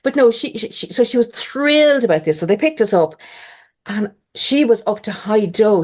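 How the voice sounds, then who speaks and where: A middle-aged woman, a podcast guest telling a personal story in a lively conversational way. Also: medium pitch, a little fast. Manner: animated, mimics others' voices in quotes.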